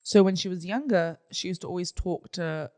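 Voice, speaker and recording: Young male co-host, higher-pitched voice, chatty listener and anecdote-teller. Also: normal speed, darkish tone. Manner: chatty, reacts with short "mm-hmm"s, tells family anecdotes with restarts. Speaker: podcast co-host. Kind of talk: casual conversation.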